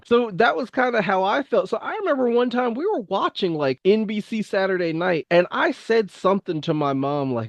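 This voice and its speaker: A man from Maryland co-hosting a podcast, speaking with a slight Southern drawl, chatting in an animated way with lots of "like" fillers. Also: high-pitched, a little fast, no echo. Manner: animated, many "like" fillers, laughs often. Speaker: podcast co-host. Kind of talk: casual podcast chat.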